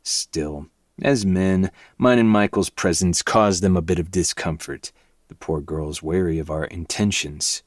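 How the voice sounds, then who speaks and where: Deep brooding male narrator. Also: a little slow, dry recording, studio quality. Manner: low, intense, brooding. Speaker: podcast host reading a novel. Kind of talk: dark first-person audiobook narration.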